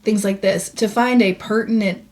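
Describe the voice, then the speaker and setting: A woman's voice: medium pitch, fairly even intonation, normal speed, a little mellow. Woman host with dry sarcastic asides. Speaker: commentary host. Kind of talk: reaction commentary.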